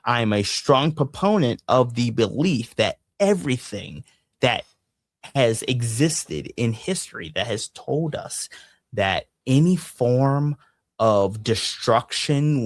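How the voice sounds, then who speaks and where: A podcast co-host ranting passionately and with plenty of swearing in a casual discussion, their voice going hoarse. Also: mid-range voice, dry recording. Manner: impassioned, profane ranting. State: losing voice.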